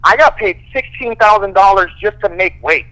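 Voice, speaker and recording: A man, a fighter guest, casually telling profane, animated stories full of quoted dialogue. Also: high-pitched, normal speed, low-quality recording. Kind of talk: casual storytelling.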